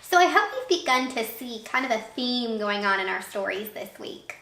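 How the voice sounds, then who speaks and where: A woman teacher reading a picture book aloud to young children in an expressive way, pausing to ask them questions. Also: on the high side. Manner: warm, expressive, asks questions of young listeners. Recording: echoey room.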